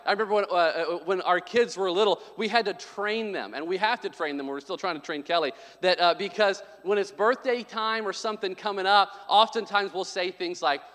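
High-voiced pastor preaching in a reverberant hall. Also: male voice, fairly quick, few pauses, fairly bright tone. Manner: chatty, joking asides turning into emphatic preaching. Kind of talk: sermon.

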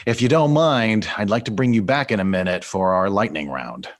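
Lively low-voiced male host. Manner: upbeat, laughs often, brisk quiz questions. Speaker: podcast host. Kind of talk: casual interview.

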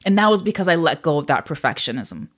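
Woman host, casual solo podcast, slightly low voice, chatty and candid, laughs often. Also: very animated, quick pace, fairly bright tone. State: emotional, a little choked up at times.

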